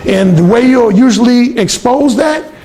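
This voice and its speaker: A man coaching on dating, telling a story in a blunt, profane and animated way. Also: very high-pitched, unhurried, slight background noise. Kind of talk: casual storytelling monologue.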